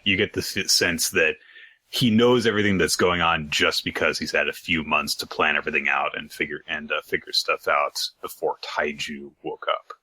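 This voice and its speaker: A man with a very deep but bright, forceful voice, chatting through a manga recap. He summarizes the plot and slips into the characters' lines. The sound is dry and close. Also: fairly even intonation, husky, dry recording. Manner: recaps plots with quick acted-out quotes and laughter. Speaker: podcast co-host. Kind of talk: casual chat.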